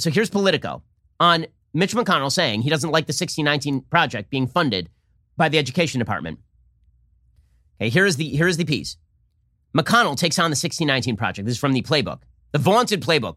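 A man in his thirties hosts a political podcast in a rapid, sarcastic monologue. His voice sits a little high and swoops around with lively emphasis, and it is recorded dry and close with no room sound. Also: no echo. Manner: sarcastic, mocks opponents in put-on voices. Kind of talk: fast opinion monologue.

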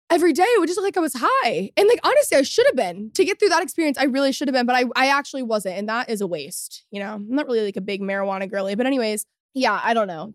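A woman's voice: a little high, no room sound, clean studio sound. A young woman hosting a solo podcast, rambling and laughing at herself in casual chat. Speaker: podcast host.

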